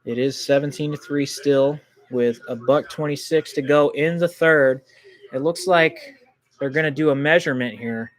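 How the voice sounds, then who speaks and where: Excitable man doing livestream game reactions. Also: medium pitch, normal speed. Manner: excitable, jumps to indignant outbursts at calls; loose and rambling, many ums and restarts. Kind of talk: live football reaction commentary.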